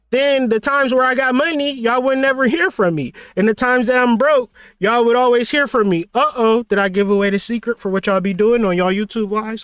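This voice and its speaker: A man's voice: extremely high pitch, brisk, few pauses, fairly bright tone, clear, resonant tone, dry recording, studio quality. A man hosting a motivational livestream talk, blunt and profane, preaching with rhetorical questions. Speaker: spiritual teacher and channel host.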